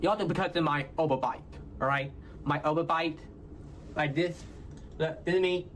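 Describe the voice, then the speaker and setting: Brief: Texan guy, higher-pitched voice, mushy hard-to-follow diction, tags "all right, y'all?" onto everything. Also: fairly bright tone, slight background noise. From Houston, Texas. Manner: halting, ends nearly every phrase with "all right, y'all?". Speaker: content creator in a played clip. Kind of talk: casual self-explaining talk to viewers.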